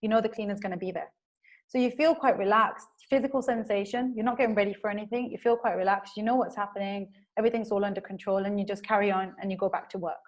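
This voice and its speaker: A woman presents a webinar in a relaxed, conversational way, and her voice sits at a middling pitch. She explains step by step with frequent fillers. She sometimes slips into quick acted voices to show how people react. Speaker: webinar presenter on emotions in business.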